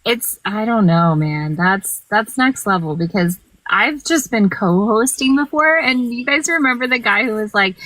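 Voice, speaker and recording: A woman's voice: a little high, animated, normal speed, hardly any pauses, a bit bright, no echo, rough recording. A woman chatting casually on a podcast, candid and laughing as she talks. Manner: candid, laughs while talking.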